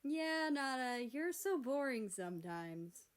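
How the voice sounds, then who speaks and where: A woman's voice: high-pitched, big pitch swings, takes it slowly, smooth, pitched above the performer's own voice, heavily acted. A woman voicing a teasing, upbeat young man who works as an actor, in a storybook reading. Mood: playful.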